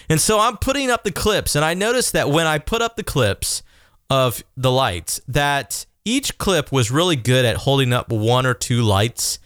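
A man in his thirties hosting a podcast, telling a self-deprecating story in a casual, animated way. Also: mid-range voice, no echo, studio quality. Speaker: podcast host.

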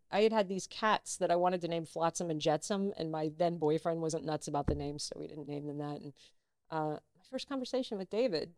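Animated middle-aged woman telling stories. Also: on the low side, dry recording, studio quality. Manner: animated, acts out quoted dialogue. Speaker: actress and interview guest. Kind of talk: casual storytelling in an interview.

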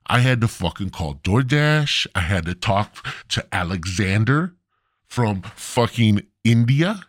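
A man's voice: lowish voice, very animated, unhurried, no echo, clean studio sound. A man hosting a podcast, telling a comedic story as a profane, mock-outraged rant. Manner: profane, heavy swearing. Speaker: podcast host.

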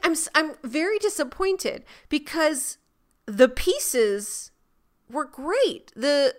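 A woman co-hosting a casual recap podcast, playful and quick with her quips. Her voice sits high and sounds bright and forward. She talks in an easy, chatty way. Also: clean tone. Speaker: podcast co-host.

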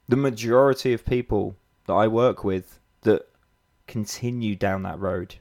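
A man's voice: lowish voice, a little mellow. A man with a British accent, a fitness coach giving a blunt, sweary, rambling motivational talk. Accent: British English. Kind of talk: motivational monologue.

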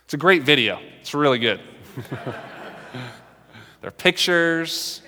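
A man preaching to his congregation as pastor, earnest and animated. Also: on the high side, takes it slowly. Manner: animated, earnest church address. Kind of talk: sermon. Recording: long hall reverb.

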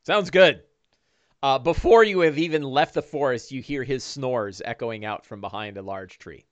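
A middle-aged man acts as dungeon master for a one-on-one tabletop game, narrating in a loose, rambling way packed with fillers and false starts. His voice sits in the mid range at a moderate pace, with no room sound.

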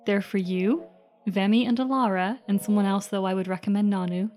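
A woman's voice: medium pitch, steady tone, fairly quick, a little mellow, faint music behind. A woman playing a character in a tabletop game, talking casually and a little hesitantly. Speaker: player. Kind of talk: tabletop role-play chat.

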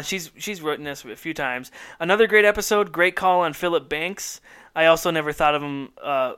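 A man co-hosting a podcast in casual chat, excitable and rambling, laughing often. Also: on the high side, clear, resonant tone. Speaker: podcast co-host.

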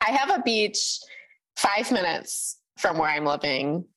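A woman co-hosting a podcast in casual chat, talking in an animated, chatty way with frequent fillers. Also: fairly low pitch, unhurried. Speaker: podcast co-host.

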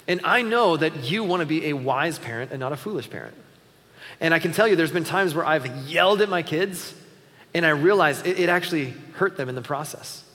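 A man preaching a conversational sermon in a large auditorium, his fairly high voice ringing out with a long hall echo. He sounds earnest and a little self-deprecating, speaking plainly to the congregation like a friend. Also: moderate pace, bright, forceful tone. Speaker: pastor. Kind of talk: sermon on parenting.

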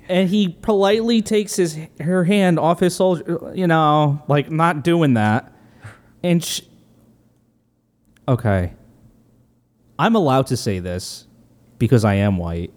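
A man's voice: on the high side, expressive, slow pace, pauses often, darkish tone. A man in casual chat, recounting a film scene hesitantly, with many fillers and restarts.

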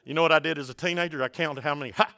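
High, bright-voiced preacher man. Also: steady tone, racing, creaky. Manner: dramatic swings between shouted passages and hushed low asides; playful, jokes with the congregation. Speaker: pastor. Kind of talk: sermon.

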